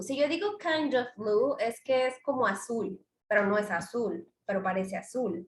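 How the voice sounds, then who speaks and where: The speaker is a female English teacher from a Spanish-speaking background, running a bilingual online class. She explains slowly in a mix of Spanish and English, her high, bright voice echoing in the room.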